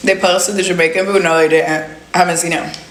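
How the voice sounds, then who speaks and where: A woman's voice: on the low side, fairly even intonation, quick pace, fairly bright tone, reverberant, a little hiss or hum. A young woman chatting bluntly with viewers on a livestream, swearing freely. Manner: blunt, profane, talks straight to viewers. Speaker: livestream host. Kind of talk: casual livestream chat.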